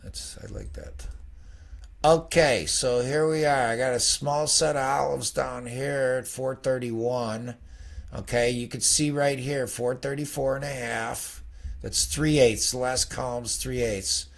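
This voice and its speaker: Gravelly-voiced man, middle-aged, casual trading teacher; rambling chart talk, constant "okay?" check-ins. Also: medium pitch, steady tone, measured pace. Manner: rambling, conversational, peppered with "okay?". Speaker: futures trading educator.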